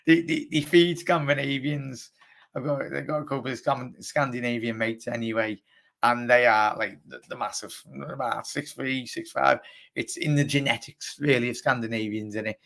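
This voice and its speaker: A young Scouse man with a groggy, hoarse voice, hosting a casual live football chat and answering viewers as he rambles. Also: mid-range voice, fairly bright tone. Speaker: livestream host.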